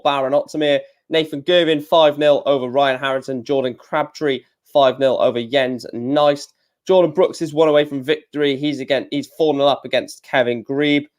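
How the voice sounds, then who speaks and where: A man hosting a live stream, chatting casually, reading out match results and answering his chat with lots of fillers. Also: mid-range voice. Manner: chatty, reads out scores and chat, many fillers.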